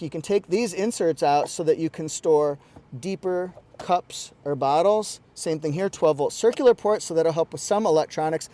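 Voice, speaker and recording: Male car reviewer, casual and quirky, fairly high voice, lapel mic inside a car. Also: dark tone, no room sound. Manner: chatty, quirky, jokey asides. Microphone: lapel mic pack.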